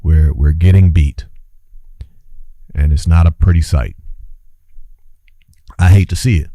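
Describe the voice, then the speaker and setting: A man's voice: a bass voice, fairly even intonation, a little slow, warm tone, dry recording. A man hosting an impassioned opinion monologue, preachy and urgent, repeating his phrases for emphasis and calling his listeners brothers and sisters. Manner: urgent, exclaiming. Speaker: host and commentator.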